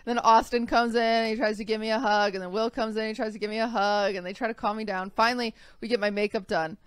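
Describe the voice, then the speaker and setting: A woman's voice: a little high, fairly even intonation, fast talker, clean tone, dry recording. A young woman co-hosting a podcast, telling a personal story in a rambling, casual way with lots of fillers. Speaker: podcast co-host. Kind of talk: casual chat.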